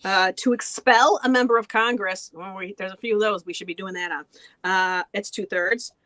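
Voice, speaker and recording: A woman's voice: medium pitch, fairly even intonation, normal speed, fairly bright tone, dry recording, low-quality recording. A woman hosting a podcast, explaining in casual chat and laughing often. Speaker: podcast host.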